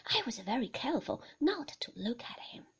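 A woman narrating a novel in a soft, hushed, whispered storybook reading. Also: on the high side, sing-song, moderate pace, slightly rough. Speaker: audiobook narrator.

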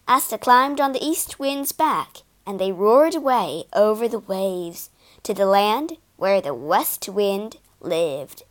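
A woman reading a fairy tale aloud slowly and expressively, giving the characters voices. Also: medium pitch, animated. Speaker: storyteller. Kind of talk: scripted narration of a fairy tale.

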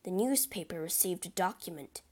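A woman's voice: on the low side, expressive, moderate pace, warm tone. A woman reading as a grave journalist. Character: worried journalist friend, a man.

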